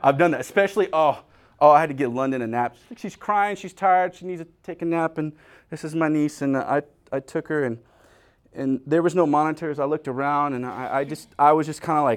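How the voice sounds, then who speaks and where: A man's voice: on the high side, brisk. A male pastor giving a humorous, conversational sermon, acting out little scenes and talking straight to his congregation. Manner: animated storyteller, acting out scenes; talks directly to the congregation.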